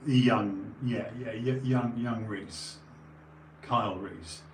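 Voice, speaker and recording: A man's voice: lowish voice, slow pace. A man rambling casually on a stream, tired and sniffly, full of digressions and restarts. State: runny nose, tired. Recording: echoey room, faint background noise.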